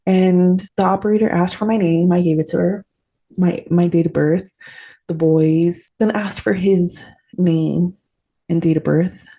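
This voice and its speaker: A woman's voice: on the low side, fairly even intonation, a little slow, mellow, slightly rough. A woman hosting a podcast, telling a personal story in a candid, earnest, conversational way with lots of fillers. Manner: candid, conversational, many fillers and tag questions; earnest, emotionally open. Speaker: podcast host.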